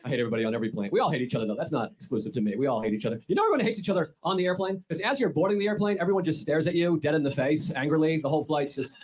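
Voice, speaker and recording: A man's voice: fairly high pitch, rapid-fire, few pauses, darkish tone. A man doing a stand-up comedy set on a club stage, with wry, self-deprecating observational delivery. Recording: noisy recorded stand-up clip.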